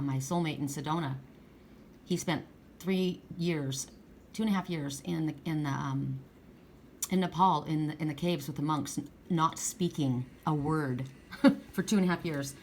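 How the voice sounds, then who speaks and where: A woman's voice: fairly low pitch, a little hiss or hum. A middle-aged woman giving a casual spiritual card reading, telling rambling stories with many restarts. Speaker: oracle card reader.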